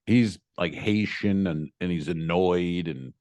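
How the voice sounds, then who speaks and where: A man with a fairly low voice tells a comedy podcast story in casual chat. He is animated and exasperated, and he voices the other people in his story as he goes. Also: takes it slowly. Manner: animated storyteller acting out quoted exchanges, exasperated. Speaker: podcast co-host.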